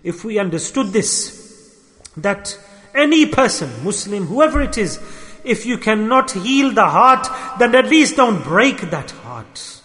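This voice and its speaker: A man's voice: high-pitched, sing-song, a little slow, bright, forceful tone. A man preaching an impassioned sermon, repeating phrases and acting out the voices in his stories. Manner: impassioned, repetitive, acts out quoted voices. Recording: long hall reverb.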